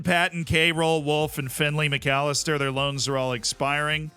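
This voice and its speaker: Dry joking guy streaming a game, bright voice, talking to chat. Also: medium pitch, clean tone. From Tampa, Florida. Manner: wry, chatty, talks to chat. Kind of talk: casual game commentary.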